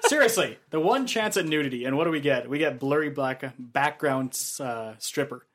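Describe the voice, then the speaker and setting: A man's voice: fairly high pitch, animated, normal speed, a bit bright. Joking man in a casual movie chat. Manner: joking, easily amused.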